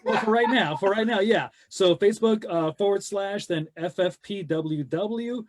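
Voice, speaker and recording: A man's voice: sits high, normal speed. Rambling man hosting a webcast. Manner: rambling, repeats words when wrapping up. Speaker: host. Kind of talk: casual chat.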